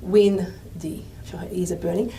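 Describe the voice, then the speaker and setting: A woman's voice: medium pitch, normal speed, a little mellow. Woman lecturing from across a room. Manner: chatty explanatory teaching with frequent "okay?" and "um". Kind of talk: classroom lecture at a whiteboard. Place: classroom. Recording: voice from a distance with faint room noise.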